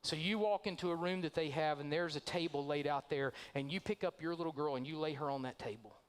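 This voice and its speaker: A male pastor delivering a sermon in a church, his voice sitting a little higher than most men's. He tells a long story and acts out the lines of each character, shifting his delivery for each one. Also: fast talker, clean tone. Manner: storytelling, acting out quoted voices. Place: church sanctuary.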